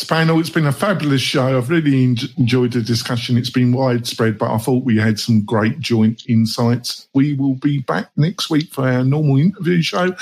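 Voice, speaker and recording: A man's voice: medium pitch, a little mellow. A male podcast host wraps up a roundtable discussion. He talks in a chatty, loose way and hands the floor to each guest. His voice sits in a plain middle range. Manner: chatty, with fillers.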